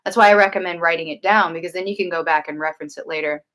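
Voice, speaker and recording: Woman with a lowish voice, hosting a home livestream; casual and earnest, loose rambling delivery. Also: steady tone, racing, fairly bright tone. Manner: earnest, rambling, many fillers and restarts. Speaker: livestream host and tarot reader. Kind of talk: casual livestream chat answering viewers.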